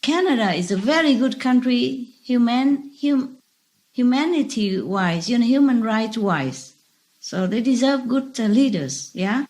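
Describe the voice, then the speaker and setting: A woman's voice: on the high side, lively intonation, unhurried, darkish tone, dry recording. A woman speaking as a spiritual teacher in an informal talk over a video call, rambling and repeating words for emphasis.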